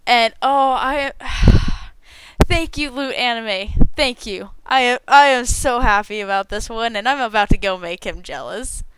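A young woman hosting a casual unboxing video, bubbly and excitable, tripping over her words as she gushes. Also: on the high side, a little slow, clean tone. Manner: bubbly and excitable, gushing with stumbling repeats. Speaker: unboxing channel host.

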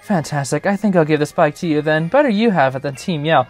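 A man voicing a polite, excitable male bike inventor in a prim, chirpy manner. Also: on the high side, quick pace, faint music behind, lightly acted. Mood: enthusiastic.

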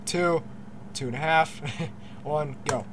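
A young man hosting a casual gameplay commentary, excitable, swearing often, laughing and stammering through restarts. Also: a little high, takes it slowly, a little hiss or hum. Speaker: gaming channel host.

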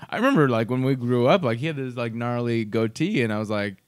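A man's voice: medium pitch, a little fast, clear, resonant tone, no room sound, clean studio sound. A young man co-hosting a podcast in casual chat, jokey and teasing. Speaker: podcast co-host.

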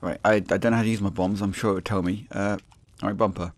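A man's voice: fairly low pitch, steady tone, quick pace. A man giving sweary, sarcastic let's-play commentary as he plays a video game. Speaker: gaming YouTuber.

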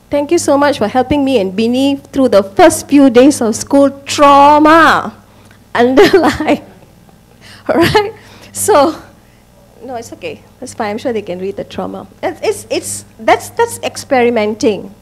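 Woman presenter, fairly high voice, emphatic talk to parents with frequent check-ins. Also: darkish tone. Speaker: speaker at a parents' education talk.

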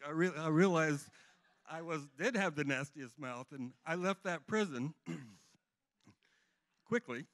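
A man's voice: fairly high pitch, slow pace, pauses often, fairly bright tone. A middle-aged man giving a rambling, earnest personal testimony to a church congregation. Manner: earnest, rambling storytelling with restarts.

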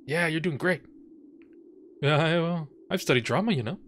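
A man's voice: fairly high pitch, moderate pace, pauses often, a bit bright, slight background noise. A man commenting on a game he is playing for the first time, reading the characters' lines aloud in playful theatrical voices. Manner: reads game dialogue in playful theatrical voices, swears casually. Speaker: let's player. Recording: faint game music behind.

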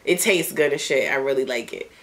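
Very deep-voiced and speaking a little fast, a woman smokes as she hosts a casual podcast. She's blunt, profane and joking, with laughs and coughs breaking up her lines.

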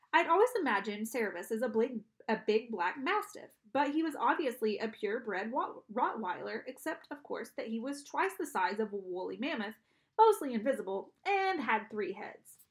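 A woman narrates a storybook aloud, giving each character a voice of their own. Her voice sits a little high with a gravelly edge. She sometimes trips over a word and restarts it. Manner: reads with small restarts and self-corrections. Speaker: audiobook reader.

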